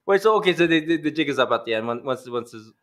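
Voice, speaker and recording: A man cohosting a podcast in casual chat, animated, laughing and swearing in disbelief. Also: mid-range voice, fast talker.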